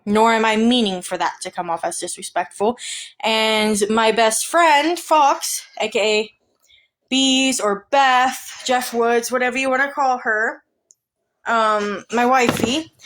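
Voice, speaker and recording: A woman's voice: a little high, a little slow, fairly bright tone. A woman with a Southern US accent, chatting casually and defensively, a bit stuffy from draining sinuses. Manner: chatty and defensive, rambling with fillers. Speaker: streamer reading and answering posts. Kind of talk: casual chat, reading posts aloud.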